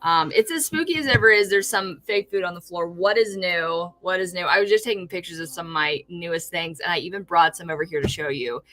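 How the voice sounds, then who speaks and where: A California woman streams live while showing off her fake food crafts, talking fast with few pauses in a sharp-toned, lowish voice with no echo. She chats casually, rambles with many restarts, and sounds delighted by her own work.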